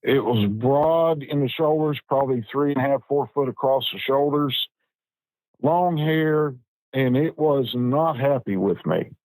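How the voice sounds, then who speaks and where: A man, telling a personal story as a podcast guest in an unhurried, plain-spoken way with frequent restarts. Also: mid-range voice, darkish tone, no echo, low-quality recording. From West Virginia. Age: 50s.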